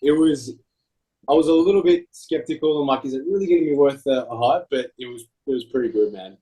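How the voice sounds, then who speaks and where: Guy, podcast co-host, laid-back storyteller, mid pitch. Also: fairly quick, mellow, poor audio. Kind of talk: casual chat.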